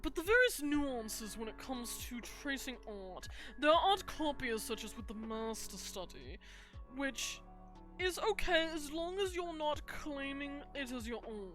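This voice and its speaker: A woman's voice: sits high, very animated, unhurried, fairly bright tone, soft background music, voice pushed up, full character voice. A woman putting on a pompous posh British lecturer. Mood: haughty lecturing. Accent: put-on posh British. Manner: overly posh, lecturing with elaborate phrasing. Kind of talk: mock lecture during a live art stream.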